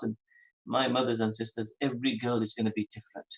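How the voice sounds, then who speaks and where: A man's voice: medium pitch, flat delivery, fast, creaky, low-quality recording. A man hosting a religious phone-in radio show who repeats phrases for emphasis and mixes in Arabic and Urdu terms. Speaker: radio host.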